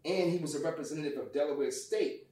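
A man telling a personal story in casual conversation, animated and profane, acting out what people said. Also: fairly high pitch, fast, roomy sound, recorded from a distance. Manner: animated, profane, acts out quotes loudly. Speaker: guest.

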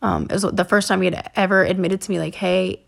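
Woman podcaster telling her own story, super casual, lots of um and like, cussing, gravelly fry in her voice. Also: mid-range voice, steady tone. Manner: casual, halting, many fillers and swearing. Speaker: podcast host. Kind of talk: personal storytelling monologue.

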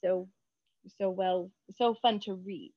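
A woman children's book author chatting in an interview, bubbly and quick to laugh. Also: mid-range voice, fairly even intonation, dark tone, muffled recording. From United States. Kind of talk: casual interview chat.

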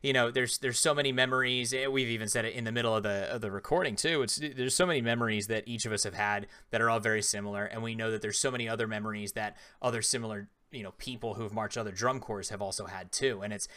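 A man hosting a podcast in casual chat, with quick agreeing replies and rambling reflections. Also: on the low side, steady tone, sharp tone. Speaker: podcast host.

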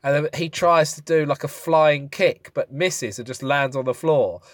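A man's voice: a little high, moderate pace, no echo, studio quality. A married man co-hosting a podcast, chatty and joking, asking questions in a casual chat. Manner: chatty, asks questions and jokes. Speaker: podcast co-host.

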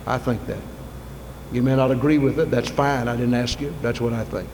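A man preaching a sermon in a church, moving from soft, intimate asides to loud, fervent appeals. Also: medium pitch, fairly even intonation, a little fast. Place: church sanctuary. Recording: long reverb, faint ambient noise.

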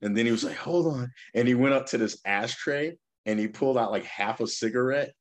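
Male podcast co-host, laid-back storyteller, jumps high for quoted voices. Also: fairly quick. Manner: animated storyteller, acts out quotes in a raised voice. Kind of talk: casual storytelling chat.

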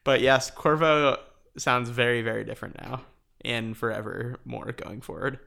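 Chatty podcast guy, bright crisp voice, laughs a lot, lots of ums. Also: mid-range voice, normal speed. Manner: chatty, laughs often, many fillers. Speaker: podcast co-host. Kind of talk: casual chat.

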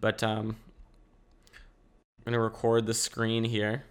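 A man's voice: on the low side, monotone, slow, clear, resonant tone. A young man hosting a casual solo podcast from home, rambling with restarts and swearing. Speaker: podcast host. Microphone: camera mic.

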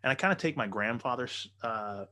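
Profane, animated storytelling man. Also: mid-range voice, brisk. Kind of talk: casual chat, storytelling.

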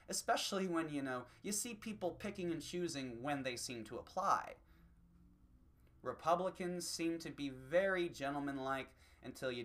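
A comedian goes on a solo rant that's profane, rambling, and self-mocking. His delivery swings between low mutters and loud bursts.

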